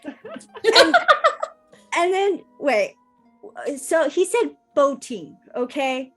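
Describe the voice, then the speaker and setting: Casual woman podcast host, high bouncy voice, giggles a lot. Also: lively intonation, extremely slow, soft background music. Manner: giggly, laughs through her stories. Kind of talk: casual chat and funny storytelling.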